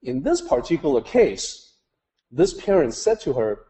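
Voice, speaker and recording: A man's voice: mid-range voice, very animated, unhurried, long pauses, mellow, low-quality recording. A man teaching a group, telling a story in a conversational way with many "you know" asides. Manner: acts out quoted voices in story. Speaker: Daoist teacher.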